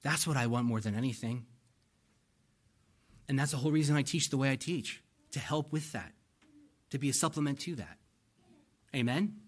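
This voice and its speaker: A man's voice: mid-range voice, moderate pace, pauses often. A man preaching a sermon as pastor, earnest and pleading, repeating lines for emphasis and getting emotional.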